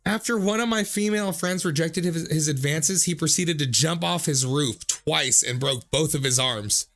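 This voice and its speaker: A man's voice: fairly high pitch, moderate pace, a bit bright. A man in his thirties, a streamer reading out viewer comments in a casual, jokey way, swearing freely and often laughing.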